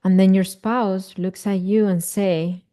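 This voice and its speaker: Woman, parenting teacher in a live class, slow and repetitive. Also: mid-range voice, steady tone, mellow, clear, resonant tone. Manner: repetitive, emphatic, asks audience questions. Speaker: parenting educator.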